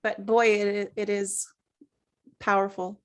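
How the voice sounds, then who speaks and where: A woman from a table-read cast, chatting in a lively way after the reading. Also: medium pitch, slow. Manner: chatty, lively, laughs easily. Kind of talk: casual post-reading chat.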